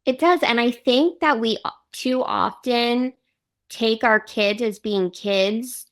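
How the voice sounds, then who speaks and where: A woman's voice: a little high, takes it slowly. Heartfelt woman podcast host. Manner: heartfelt, reflective storytelling. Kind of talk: casual podcast conversation.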